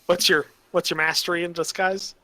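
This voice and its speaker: A man serving as game master for a tabletop role-playing game, talking through rules and setting the scene with plenty of fillers and restarts. His voice is bright and a bit high, recorded close and dry. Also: level tone, fairly quick, no room sound. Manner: explains rules, trails off with fillers.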